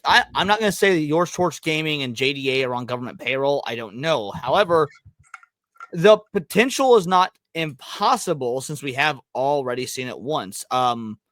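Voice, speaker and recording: Halting co-host man, dry close sound. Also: a little high, lively intonation, fairly bright tone, dry recording. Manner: earnest, hesitant, halting with fillers. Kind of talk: casual chat.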